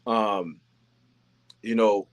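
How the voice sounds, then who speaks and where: A man's voice: lowish voice, steady tone, very slow. A man hosting a faith-based talk show, speaking earnestly with frequent ums and restarts. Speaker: host. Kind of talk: monologue on faith and manhood.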